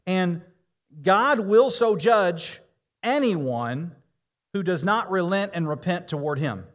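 A man preaching a sermon, reading scripture aloud and slowing down to stress key phrases. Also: high-pitched, lively intonation. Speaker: pastor.

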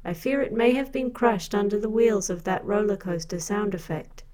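A woman co-hosting a comedy podcast, speaking in a formal, prim, deadpan manner. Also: mid-range voice, normal speed. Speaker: podcast co-host and assistant. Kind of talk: scripted comic deadpan.

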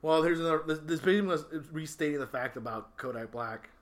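A man hosting a casual talk podcast, ranting in an exasperated, animated way. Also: fairly high pitch, quick pace. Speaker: podcast host. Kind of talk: casual opinionated chat.

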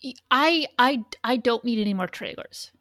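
A woman's voice: a little high, animated, moderate pace, sharp tone, no room sound, studio quality. A woman co-hosting a podcast in casual chat, rambling and swearing freely, with frequent restarts. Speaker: podcast co-host.

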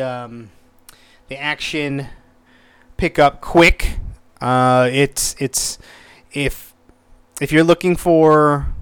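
A man's voice: medium pitch, clean tone, dry recording. A man hosting his own podcast, rambling casually with lots of profanity, stumbling over words and getting exasperated. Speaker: podcast host. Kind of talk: casual solo podcast review.

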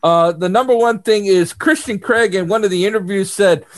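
A man's voice: high-pitched, moderate pace. A man co-hosting a casual racing podcast, joking and teasing, often restarting his sentences. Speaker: co-host.

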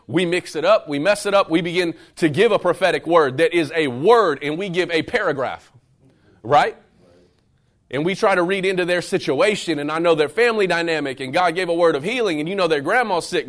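A man preaching a sermon in a church, his voice sitting a little higher than most men's. He talks straight to the congregation, casual and direct, then drives points home in loud, emphatic bursts before dropping to low, close passages. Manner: animated preaching that moves between loud bursts and low, intimate stretches; conversational, addresses the room directly. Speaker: pastor. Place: church service room with a live audience.

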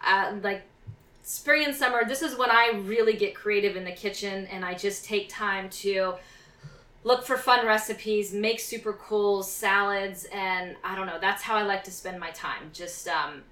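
A woman co-hosting a casual podcast from home, bubbly and quick to laugh. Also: mid-range voice, bright, forceful tone, roomy sound. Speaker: podcast co-host.

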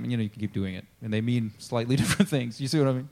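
A man's voice: mid-range voice, very fast, darkish tone. An American man preaching a sermon as a pastor, in a casual, conversational style full of fillers, often acting out the dialogue of Bible figures.

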